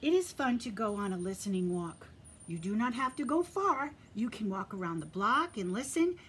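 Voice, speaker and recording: Gentle teacher reading aloud to children. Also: female voice, mid-range voice, animated, moderate pace, a little hiss or hum. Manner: gentle and encouraging, addresses children directly; drops to a soft whisper for quiet moments. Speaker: preschool teacher. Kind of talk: reading a picture book aloud to young children.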